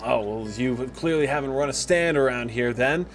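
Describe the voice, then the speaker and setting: A man voicing a gruff, rude male fruit vendor in a market. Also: medium pitch, normal speed, lightly acted. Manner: rude, dismissive.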